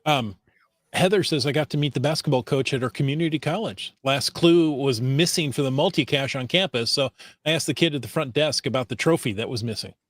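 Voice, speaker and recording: A man's voice: medium pitch, a little fast, no room sound. A man co-hosting a casual podcast, reading out listener comments with dry, understated asides. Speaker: podcast co-host.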